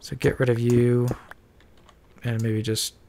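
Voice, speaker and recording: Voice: mid-range voice, little pitch movement, slow pace, noisy background. A stuffed-up player mumbling and thinking aloud while building in a block game. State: stuffed-up nose. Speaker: Minecraft let's-player. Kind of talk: casual building commentary.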